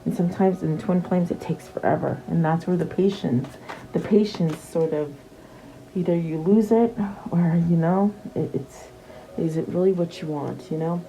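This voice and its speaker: A woman's voice: fairly low pitch, normal speed, mellow, poor audio. A woman giving a casual tarot reading, chatty and repeating her questions to the cards, with many fillers and restarts. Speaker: tarot reader.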